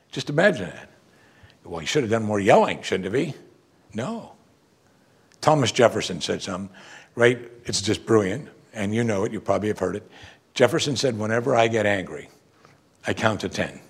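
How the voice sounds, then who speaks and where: A man's voice: lowish voice, vocal fry, husky. A man preaching a sermon as a pastor, talking in a conversational way and asking his listeners rhetorical questions.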